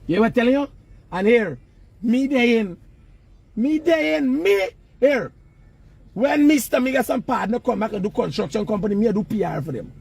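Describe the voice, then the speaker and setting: Guyanese man, high voice, husky tone, emphatic lecturing street talk, outdoors. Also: animated, normal speed, a little mellow. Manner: lecturing, emphatic, Creole-laced. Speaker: vlogger. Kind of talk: casual street vlog talk. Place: outdoors near work sites.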